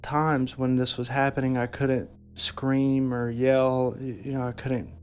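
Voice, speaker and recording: A man giving documentary interview testimony about an encounter, speaking haltingly with frequent restarts. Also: medium pitch, little pitch movement, a little mellow, slight background noise.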